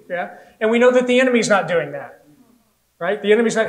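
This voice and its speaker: An American man preaches a sermon from the pulpit, his voice pitched high. He tells stories with animation and slips into little voices for the people in them. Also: lively intonation, a little slow, pauses often, rough recording. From United States. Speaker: pastor.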